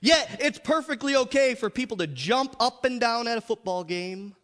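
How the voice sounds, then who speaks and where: High-pitched preacher guy, voice jumps all over, laughs and stumbles a lot, long church echo. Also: normal speed. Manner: animated preaching, repeats and stumbles, laughs often. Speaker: pastor. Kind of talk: sermon.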